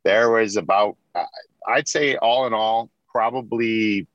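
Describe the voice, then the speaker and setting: Brief: lower-voiced man, 40s, ex-athlete guest, rambling storyteller, dry close recording. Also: measured pace, fairly bright tone, no echo, dull audio. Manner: rambling, many restarts and repeats. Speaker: interview guest, former pro hockey player. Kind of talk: casual storytelling interview.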